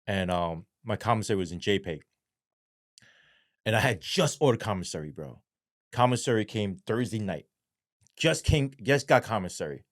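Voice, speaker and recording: A man with a somewhat low voice tells a story as a podcast guest, loose and profane, full of slang and fillers. He talks in a dry, close sound with no room echo. His delivery rambles and leans on street talk. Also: moderate pace, pauses often. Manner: animated, acts out quoted voices. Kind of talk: casual storytelling in a podcast interview.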